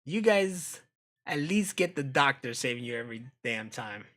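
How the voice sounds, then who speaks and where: A man's voice: medium pitch, expressive, normal speed, fairly bright tone. An American man streaming, chatting casually and profanely while reacting to videos, often laughing. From United States.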